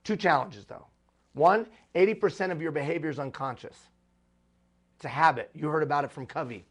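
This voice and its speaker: A man's voice: fairly high pitch, fairly quick, slight background noise. A man giving a live motivational talk to executive leaders. He speaks emphatically and repeats refrains for rhetorical effect.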